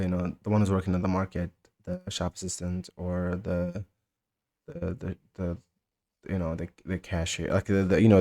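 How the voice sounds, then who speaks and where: A man with a Mauritanian accent giving a casual spoken language lesson, often halting and repeating words and phrases slowly for learners. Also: low-pitched, mellow. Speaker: language teacher.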